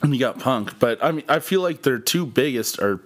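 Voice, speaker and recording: An animated man chatting on a music podcast, swearing freely as he talks. His voice is a plain mid-pitched male voice with nothing unusual about it. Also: brisk. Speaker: podcast co-host. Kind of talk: casual podcast chat.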